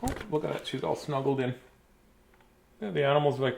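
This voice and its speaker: A man's voice: medium pitch, brisk, vocal fry, a little mellow. A man reading a bedtime picture book aloud on a live stream, breaking off for chatty, chuckling asides. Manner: chatty, chuckling asides between read lines. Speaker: storybook reader and host.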